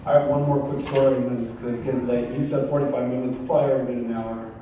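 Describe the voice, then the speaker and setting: A man's voice: medium pitch, little pitch movement, fast, warm tone, a little hiss or hum. A man giving a sermon testimony, telling his story with acted-out voices and bits of street slang. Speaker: guest pastor. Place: church sanctuary. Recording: echoey room from a far mic with faint ambience.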